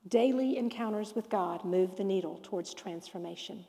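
A woman teaching a Bible lesson to a live audience in a lively preaching style, telling stories and acting out the dialogue. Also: mid-range voice, moderate pace, gravelly, big-room sound. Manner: animated storyteller who acts out quoted dialogue.

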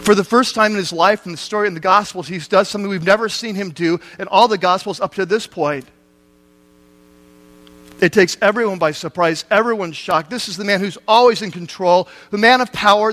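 A man's voice: sits high, fairly bright tone. A man preaching a sermon, retelling a scripture story in everyday speech with rhetorical questions to the listeners.

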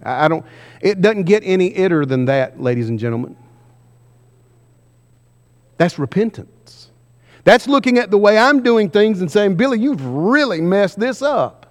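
A man preaching a sermon, pressing the congregation with repeated questions and slowing down for emphasis. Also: sits high, expressive. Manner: emphatic, questioning the congregation, varying pace widely. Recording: long hall reverb.

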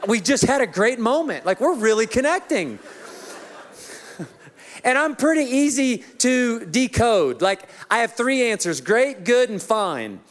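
A man's voice: very high-pitched, very animated, measured pace. A man preaching a sermon as pastor, telling self-mocking stories about his marriage with humor.

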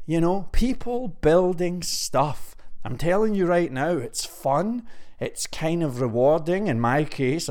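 A man's voice: a little high, darkish tone. A man vlogging casually to his viewers, rambling and chatty, a little out of breath from pacing around a room. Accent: non-American English. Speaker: web development vlogger. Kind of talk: casual to-camera vlog. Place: indoor room.

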